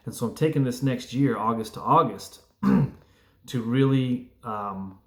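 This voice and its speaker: A man's voice: medium pitch, a little slow, darkish tone, echoey room. A man talking casually to camera, telling a story in a rambling, reflective way right after a workout. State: just worked out, sweaty. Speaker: vlogger.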